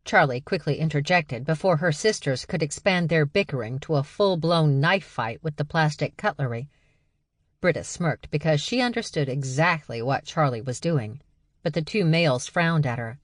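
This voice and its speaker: Casting: female audiobook narrator, low voice, dry booth sound, wry delivery. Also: lively intonation, normal speed, no echo. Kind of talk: scripted narration.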